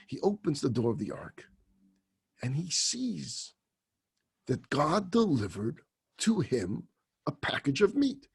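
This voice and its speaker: Rabbi guy telling a story in a sermon, husky voice, a bit high. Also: slow, long pauses. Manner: animated, dramatic storytelling.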